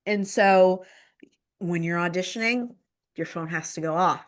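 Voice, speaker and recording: A woman's voice: lowish voice, measured pace. A woman guest on a podcast telling her personal story in conversation, rambling with many fillers and repeating phrases for emphasis. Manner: rambling, filler-heavy speech with frequent "like" and "um".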